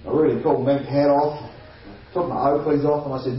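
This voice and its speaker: A guest storyteller delivers a funny anecdote with lively energy, briskly slipping into other people's voices and chuckling as he goes. His mid-range voice sounds far from the mic in a very echoey space, a little dull, with slight hiss or hum.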